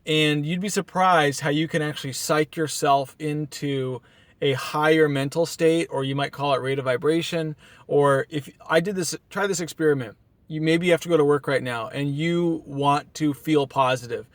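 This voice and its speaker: A man with a slightly raised pitch talks straight to camera in a dry, close recording. He is short on sleep but pushing his energy up, earnest and a little rambling as he restarts his sentences. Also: steady tone, moderate pace, no echo. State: tired from no sleep. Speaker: motivational vlogger. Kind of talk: casual motivational monologue. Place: outdoors at a beach town. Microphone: camera mic.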